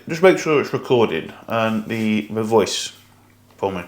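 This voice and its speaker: A man's voice: lowish voice, expressive. Tired, swearing man cooking. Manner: swears a lot, rambling and fast. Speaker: fitness coach. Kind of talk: casual cooking vlog.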